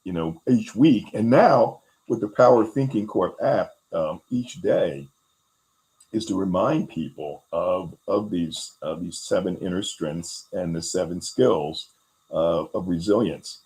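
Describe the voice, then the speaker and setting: Low-voiced guy hosting a chat, lots of uhs and you knows, acts out quotes. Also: measured pace, rough recording. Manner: animated, acts out quoted voices, many fillers. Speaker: host. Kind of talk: explaining resilience skills in a conversation.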